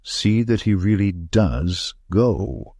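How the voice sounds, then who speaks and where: A man's voice: on the low side, slow pace, mellow, no echo, studio quality. A man voicing a grave, commanding male detective who speaks with emphasis. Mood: stern.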